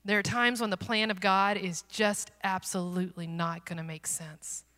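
A woman giving an earnest, self-deprecating testimony as a missionary speaker, swinging from loud to hushed. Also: mid-range voice, fairly even intonation, normal speed. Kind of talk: personal testimony sermon. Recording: long hall reverb.

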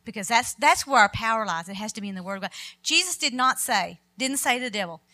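Bright, emphatic woman preaching. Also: fairly high pitch, lively intonation, fast. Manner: emphatic, quoting scripture with rising force. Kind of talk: sermon.

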